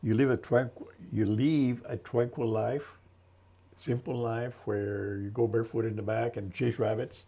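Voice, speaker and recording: Gravelly older man, halting and reflective. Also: medium pitch, steady tone, dark tone. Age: 70s. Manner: halting, slow and thoughtful, many restarts. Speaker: interview guest, military veteran. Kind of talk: reflective interview storytelling. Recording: dull lo-fi recording.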